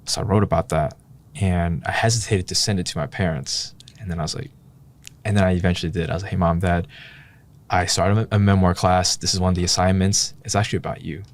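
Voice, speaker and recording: A man's voice: sits low, fairly even intonation, fast. A man co-hosting a podcast, talking in a casual heart-to-heart way, reflective and candid, thinking aloud and sighing now and then. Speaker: podcast co-host.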